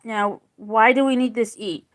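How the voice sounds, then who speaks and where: Woman teacher, higher voice, unhurried lesson delivery, sounds out and repeats each word. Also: fairly even intonation. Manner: slow, deliberate, repeats words to sound them out. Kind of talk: spoken phonics lesson.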